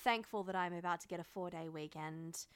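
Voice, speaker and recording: A woman's voice: lowish voice, fairly quick, clear, resonant tone, no echo. A woman co-hosting a podcast in casual chat, laughing often, swearing freely and making fun of herself. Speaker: podcast co-host.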